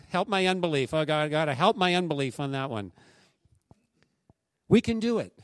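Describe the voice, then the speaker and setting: A man preaches in a notably high voice, keeping it conversational and lively as he acts out what the people in his stories say. The sound is close and dry, with almost no room around it. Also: moderate pace, no room sound. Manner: animated, conversational preaching with acted-out quotes. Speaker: pastor. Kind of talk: sermon.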